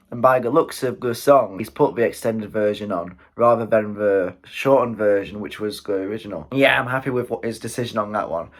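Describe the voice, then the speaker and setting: Excitable British man reacting to music. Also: lowish voice. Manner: excitable, quick exclamations and chuckles. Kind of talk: casual music reaction commentary. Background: faint music playing.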